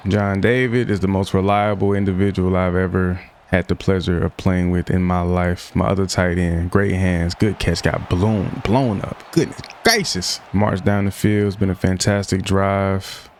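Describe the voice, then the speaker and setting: A man's voice: deep voice, slight background noise. A young man giving casual commentary over a football video game, often frustrated and venting as he plays. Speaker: gaming YouTuber.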